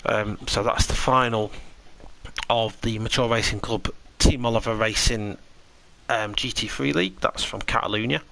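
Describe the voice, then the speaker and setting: A man's voice: fairly low pitch, normal speed, creaky, sharp tone, poor audio. A tired man giving chatty, rambling commentary on a live sim racing stream and answering his chat.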